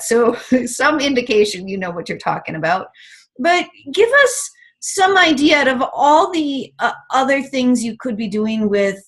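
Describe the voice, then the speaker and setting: A woman's voice: on the high side, fairly bright tone. A woman hosting an interview, welcoming her guest and asking open, encouraging questions. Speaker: interview host. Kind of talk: conversational interview.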